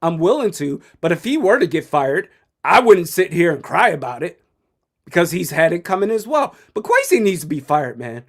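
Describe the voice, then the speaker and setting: Blunt, high-voiced man streaming game reactions. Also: very animated, normal speed. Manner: blunt, opinionated, chuckles often. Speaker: sports streamer. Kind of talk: live game commentary and reaction.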